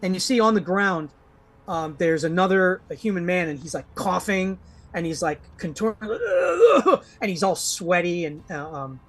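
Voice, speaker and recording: A man's voice: high-pitched, expressive, unhurried, fairly bright tone. A man narrating as game master in a live-play tabletop game, describing scenes in a rambling way full of fillers.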